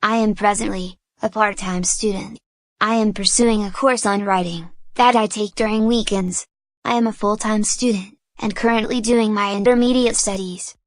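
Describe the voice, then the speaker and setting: A woman reading scripted sample answers as an exam candidate, clear and composed. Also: mid-range voice, steady tone, normal speed, no room sound.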